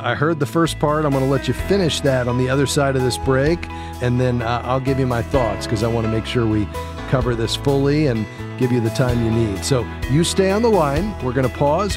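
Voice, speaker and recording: A man's voice: medium pitch, a little fast, over music. A man hosting a call-in radio advice show, friendly and reassuring, explaining things step by step to callers.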